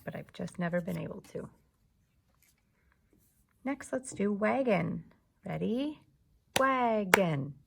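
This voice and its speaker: A woman's voice: lowish voice, vocal fry, a little mellow, slight background noise. A woman teacher leading a lesson for young children, patiently clapping out the syllables of words.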